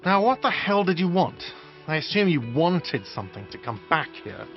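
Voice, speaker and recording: A man's voice: on the high side, very animated, moderate pace. An actor voicing a whiny, irritable male hostel manager in a game. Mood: irritated. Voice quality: whiny, peevish. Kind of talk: game voice acting. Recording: dull lo-fi game capture with music.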